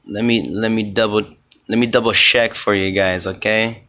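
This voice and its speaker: A man's voice: fairly low pitch, steady tone, moderate pace, bright, forceful tone. A man hosting a solo comedy podcast, rambling in an offhand way and swearing often.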